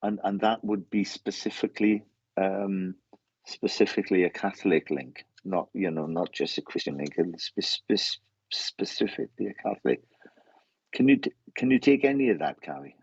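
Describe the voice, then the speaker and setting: A man working as a medium during a live reading, relaying messages in halting bursts and often repeating words as he goes. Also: low-pitched, expressive, creaky, slightly rough, no room sound, highs cut off.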